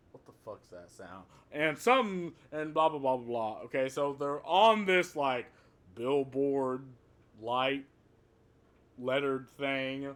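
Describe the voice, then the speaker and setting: A man's voice: mid-range voice, clear, resonant tone. A man giving a casual, rambling movie review, swearing often and laughing at the plot.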